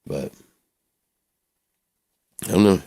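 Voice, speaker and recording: A man's voice: extremely slow, mellow. A man talking through his own life in a rambling personal vlog, swearing freely and slipping into voices as he tells stories. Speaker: vlogger.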